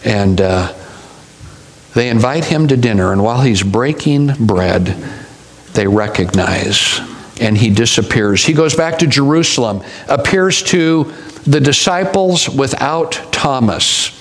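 A man's voice: medium pitch, lively intonation, a little slow, rough recording. A male pastor preaching a sermon, telling stories with wry humorous asides.

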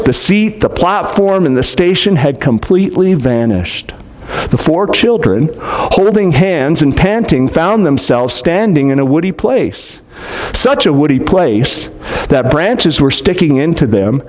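A man reading a storybook aloud to children, adding gentle explanatory asides. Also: fairly high pitch.

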